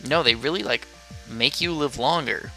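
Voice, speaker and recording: A man's voice: medium pitch, moderate pace, pushed and bright, soft background music. A sleepy young man giving casual, rambling commentary while playing a game, drifting off topic into chatty asides. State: sleepy, yawning. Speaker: gameplay commentator.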